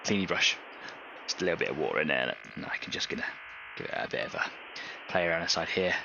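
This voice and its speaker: A man's voice: low voice, lively intonation, fast talker, gravelly, muffled recording, noisy background. A man hosting a live painting stream, chatting casually, rambling and laughing at his own jokes.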